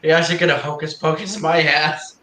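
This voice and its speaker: Man, stream host, bright tone, playful chatter with plenty of laughs, roomy echo. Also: on the high side, fairly even intonation, moderate pace. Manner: laughing, joking, reads chat aloud. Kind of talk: casual chat. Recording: echoey room with faint ambient noise.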